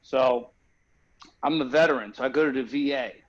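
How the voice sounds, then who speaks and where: The recording is lo-fi, and the man's voice sits at medium pitch with a moderate pace. As a guest comedian on a video call, he wanders through a humorous story, often pausing to ask, "you know what I mean?"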